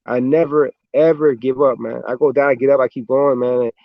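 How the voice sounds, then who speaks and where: A man's voice: mid-range voice, fairly even intonation, fairly quick, vocal fry, phone-quality sound. A man with an American accent, a professional boxer, chatting casually in an interview and telling stories in a laid-back way, often swearing and tagging lines with "man".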